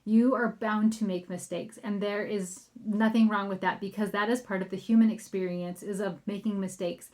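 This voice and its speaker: Upbeat woman coach chatting on her podcast, calls everyone friends, mid-pitched voice. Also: steady tone, normal speed, hardly any pauses, darkish tone. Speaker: parenting coach and podcast host. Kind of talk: solo podcast talk.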